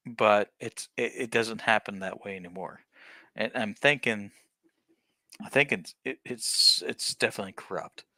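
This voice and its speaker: A man hosting a livestream, speaking in a halting way and restarting words as he thinks aloud. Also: on the low side, sharp tone, no echo. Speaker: livestream host. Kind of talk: casual live chat.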